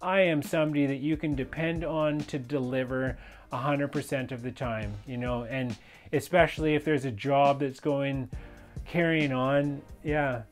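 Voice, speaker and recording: A man's voice: medium pitch, fairly even intonation, normal speed, faint music behind. A man telling a personal story in an intense, emphatic monologue, rambling with many fillers and restarts. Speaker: fitness and yoga instructor sharing personal stories.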